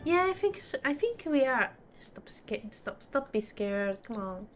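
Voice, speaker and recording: A woman with a fairly high voice gives relaxed gameplay commentary, speaking slowly and chatting to the character on screen. She breaks into laughter often, with faint music playing behind her. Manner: talks to her game character, laughs a lot. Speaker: gaming channel host.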